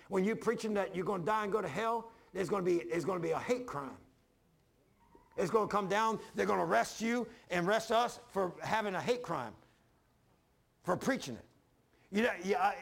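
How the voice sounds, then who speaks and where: A man preaching a fervent sermon as pastor, swinging from loud emphasis to hushed lows and calling on the congregation to answer. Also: gravelly. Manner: calls for congregation responses.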